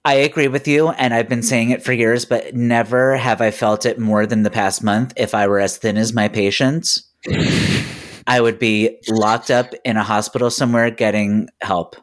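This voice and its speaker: A man's voice: mid-range voice, fairly even intonation, moderate pace. A man co-hosting a podcast, answering in a sarcastic, teasing way. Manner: sarcastic, dry teasing quips. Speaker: podcast co-host. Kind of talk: casual chat.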